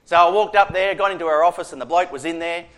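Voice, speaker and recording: A man's voice: fairly high pitch, fast. A middle-aged Australian man, a prison chaplain, telling a personal faith story in a conversational way, acting out the dialogue. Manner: conversational, animated retelling with quoted dialogue. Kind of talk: storytelling testimony.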